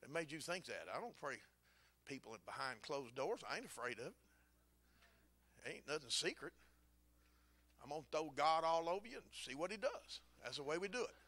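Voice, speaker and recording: A man, preaching a sermon as a folksy story with dry humor, rising at times to shouting. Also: on the high side, very animated, normal speed, pauses often.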